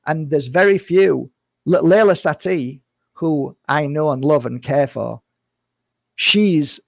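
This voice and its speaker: A man's voice: a little high, no echo, studio quality. A man talking casually to camera as a healer and vlogger, earnest and rambling, repeating his phrases and calling his viewers "guys.".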